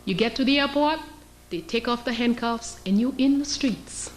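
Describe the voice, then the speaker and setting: A woman's voice: on the high side, moderate pace, slight background noise. A woman, a historian giving an emphatic, sarcastic lecture and putting questions to her audience. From Haiti. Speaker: historian and teacher.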